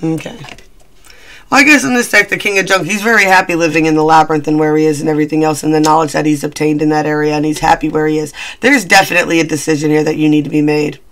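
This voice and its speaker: A man's voice: fairly high pitch, fairly even intonation, fast, fairly bright tone. A man giving a casual, rambling tarot reading, chatty and self-deprecating. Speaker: tarot reader.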